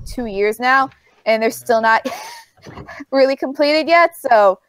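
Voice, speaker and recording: A woman's voice: sits high, takes it slowly, a bit bright, smooth, no echo. A woman with a New York accent, telling a story in a casual chat as co-host, rambling with lots of fillers.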